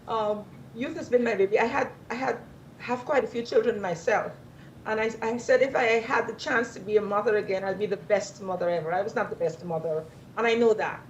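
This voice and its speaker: A middle-aged woman answering interview questions in an animated, storytelling way. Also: mid-range voice, brisk, slight background noise. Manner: animated, storytelling, acts out quoted voices. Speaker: interview guest. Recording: slightly dull lo-fi recording.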